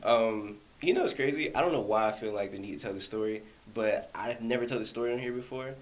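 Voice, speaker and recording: Fast-talking young man telling a story. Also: fairly low pitch. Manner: animated storyteller acting out quotes. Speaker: podcast host. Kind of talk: casual storytelling chat. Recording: faint hiss.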